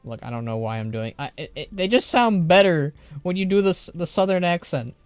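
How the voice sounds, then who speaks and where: A man's voice: sits high, expressive, a little fast, clean tone, dry recording, soft background music. A man streaming a game live, reading the text aloud with chatty, joking commentary.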